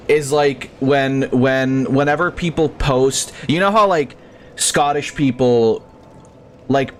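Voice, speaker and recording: A man's voice: medium pitch, slight background noise. A young man streaming a game, chatting casually in a rambling, profane, ranting way. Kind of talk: casual live-stream commentary.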